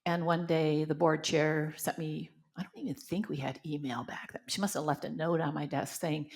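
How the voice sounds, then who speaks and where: A woman's voice: deep voice, fairly even intonation, moderate pace, gravelly, few pauses. An older woman minister from Canada telling personal stories in a spiritual talk, acting out the voices she quotes, then leading a guided meditation.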